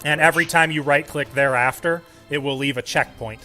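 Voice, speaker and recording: A man's voice: fairly high pitch, steady tone, fairly quick, sharp tone, soft background music. A man acting as game master, patiently explaining the rules to his players. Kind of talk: running a tabletop game.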